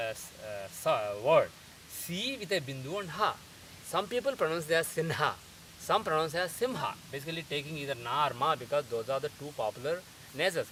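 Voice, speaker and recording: A man teaching pronunciation in a methodical lecture, repeating sounds slowly to show them. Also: fairly high pitch, pushed and bright. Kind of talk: explanatory lecture. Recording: distant mic with faint hiss.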